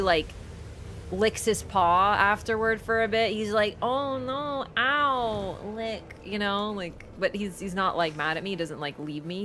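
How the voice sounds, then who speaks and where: A woman's voice: mid-range voice, a bit bright, a little hiss or hum. Chatty woman streaming a game. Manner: chatty, rambling, lots of fillers and laughs. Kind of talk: casual live-stream chat while gaming.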